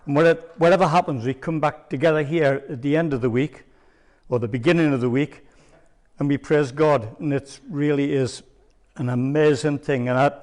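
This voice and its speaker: Brief: older male church speaker, mid pitch, meandering anecdotal sermon. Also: a little mellow. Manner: rambling, hesitant storyteller with many ums. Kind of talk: sermon testimony.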